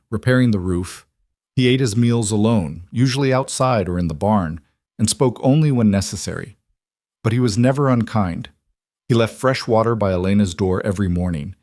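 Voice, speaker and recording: A man narrating a scripted frontier story in an even, measured way. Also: fairly low pitch, dry recording, studio quality.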